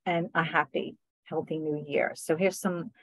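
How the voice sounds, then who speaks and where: A woman, a spiritual channeler, speaking softly and earnestly on a group video call, often ending phrases with "right?". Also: sits low, steady tone, normal speed, dry recording, rough recording.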